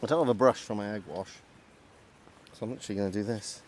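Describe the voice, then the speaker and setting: Cooking vlog host, male, low-ish voice, self-deprecating patter, outdoors with faint ambience. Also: fast talker, a little mellow, slight background noise. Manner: chatty, self-deprecating, talks through each step. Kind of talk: casual cooking vlog narration. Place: outdoors in woodland.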